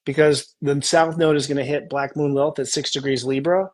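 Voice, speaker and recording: A man hosting a casual spiritual coaching chat, animated and acting out tender inner dialogues. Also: fairly high pitch, a little fast. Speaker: astrologer host.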